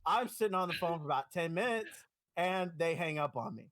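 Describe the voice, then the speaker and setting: A man's voice: a little high, a little fast, no echo. A man co-hosting a gaming podcast, telling a rambling, self-mocking story in casual chat. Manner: rambling and self-mocking, animated when quoting. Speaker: podcast co-host.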